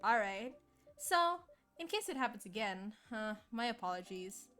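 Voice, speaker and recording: A woman's voice: mid-range voice, big pitch swings, normal speed, fairly bright tone, faint music behind. A woman voicing a courteous, chatty café barista in a game, speaking earnestly. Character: polite barista running a café. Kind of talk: streamer voicing game dialogue.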